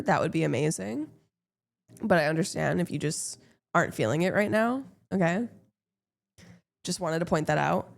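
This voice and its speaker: Blunt, swearing woman streamer. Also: lowish voice. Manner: blunt, swears freely, playful teasing. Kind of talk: casual chat with viewers.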